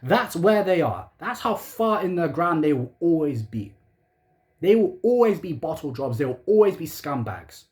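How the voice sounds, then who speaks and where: A man's voice: a little high, very animated, normal speed, darkish tone. A young man ranting sarcastically as a football fan channel host, firing rhetorical questions in heavy slang.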